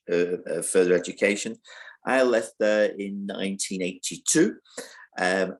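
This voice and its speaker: An older man answering interview questions, thoughtful and hesitant, with frequent fillers. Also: fairly low pitch. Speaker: interview guest, university training head.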